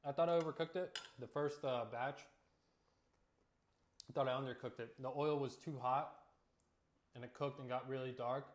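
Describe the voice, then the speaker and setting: A man hosting a casual cooking vlog, telling relaxed, joking stories as he cooks and eats in his home kitchen. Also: medium pitch, normal speed, pauses often. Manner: relaxed storytelling with jokes. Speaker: cooking vlogger.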